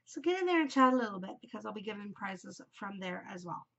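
A woman's voice: medium pitch, sing-song, fast talker, vocal fry, fairly bright tone, dull audio. A woman in her forties hosting a knitting podcast in an upbeat, chatty way, her nose a bit stuffed from a cold. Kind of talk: casual chat.

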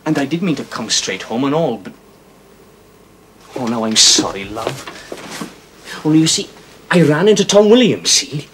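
An actor with a Welsh accent playing a blunt but affectionate miner husband in a 1970s television drama. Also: male voice, medium pitch, very animated, normal speed, long pauses, a bit bright, slight background noise. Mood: chatty. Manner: rough, chatty, affectionate. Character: blunt, fond Welsh miner, adult man.

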